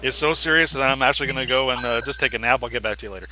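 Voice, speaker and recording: A man with a very bright, sharp tone talks in a casual hangout, laughing often as he tells stories. Faint noise sits behind his voice. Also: mid-range voice, racing, low-quality recording. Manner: laughing storyteller, mocks scam callers. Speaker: host. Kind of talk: casual chat.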